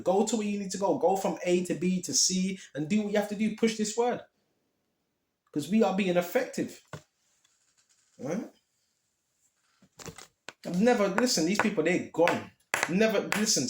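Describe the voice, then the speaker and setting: A man's voice: high voice, roomy sound, background noise. A man preaching informally, impassioned and repetitive, with streetwise slang.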